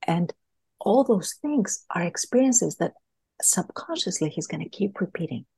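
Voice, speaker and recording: A woman's voice: lowish voice, very animated, moderate pace, dark tone, slightly rough, dry recording. A woman, a guest in a podcast interview, earnestly explaining an idea through a story and often repeating words as she thinks. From Greece.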